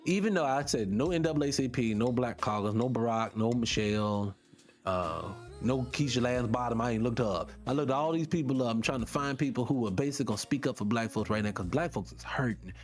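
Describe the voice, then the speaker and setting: A man's voice: medium pitch, fairly quick, faint music behind. A man hosting a live online show, fired up and profane as he talks straight to his viewers. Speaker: show host. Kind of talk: livestream commentary rant.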